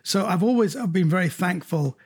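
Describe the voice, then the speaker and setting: A middle-aged man, a comedian, recounting anecdotes in an animated way during an interview. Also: brisk, husky. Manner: animated anecdotes, jumps higher when quoting others. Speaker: comedian guest. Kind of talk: storytelling in an interview.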